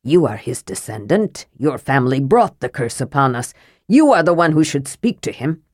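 A woman voicing a nervous male dwarf chief who speaks loudly to shift the blame. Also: extremely low pitch, very animated, normal speed, no echo, clean studio sound, voice pushed down, heavily acted. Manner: nervous, loud.

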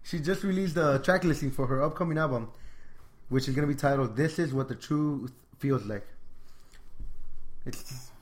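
A man's voice: medium pitch, normal speed, pauses often. Easygoing man rambling on a podcast. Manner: easygoing, chatty, trails off and loses his thread. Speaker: podcast co-host. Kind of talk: casual entertainment news chat.

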